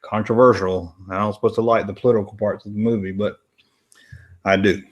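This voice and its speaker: A man's voice: lowish voice, flat delivery, brisk, lo-fi sound. Laid-back man rambling late at night. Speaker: host of a late-night movie watch-along stream. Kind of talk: casual live commentary while reading chat. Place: home room, late at night.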